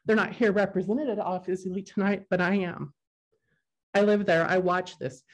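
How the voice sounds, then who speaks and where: A woman's voice: medium pitch, moderate pace, lo-fi sound. Earnest woman speaking at a hearing. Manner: emotional, earnest, a bit unrehearsed. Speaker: resident testifying at a public hearing. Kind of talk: public comment at a council meeting.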